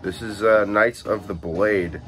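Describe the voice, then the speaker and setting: A young man with a very low voice talks casually through his collection, full of fillers and quick self-corrections. He sounds relaxed, having only just woken up. Some faint music plays in the background. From Illinois, USA. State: just woke up. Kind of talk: casual chat.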